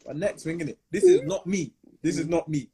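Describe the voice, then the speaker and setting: A young man co-hosting a casual podcast. His husky voice sits a touch high, and he talks in lively, slang-heavy banter. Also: fairly quick. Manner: animated, slangy, does playful voices and laughs often. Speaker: podcast co-host.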